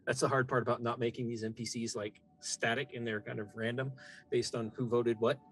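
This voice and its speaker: A man's voice: mid-range voice, level tone, fairly quick, a bit bright. Man game master narrating a tabletop game.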